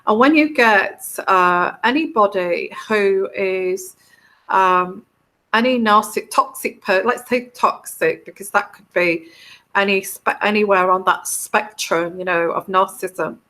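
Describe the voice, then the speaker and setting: Slow, bright-voiced woman chatting. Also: mid-range voice. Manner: rambling, heartfelt, with frequent restarts and put-on quoted voices. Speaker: tarot reader hosting a live stream. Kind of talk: live-stream chat to viewers.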